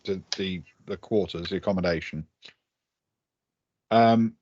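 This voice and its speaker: A man's voice: low voice, measured pace, darkish tone, slight background noise. A man narrating a tabletop game as game master, hesitant and full of ums and restarts. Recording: dull lo-fi audio.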